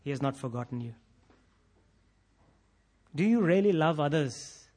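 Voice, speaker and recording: A male preacher with a fairly high voice delivers a sermon. He builds to intense, impassioned emphasis and repeats phrases to drive them home. Now and then he acts out imagined prayers in a quoted voice. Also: lively intonation, unhurried, a little mellow. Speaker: pastor.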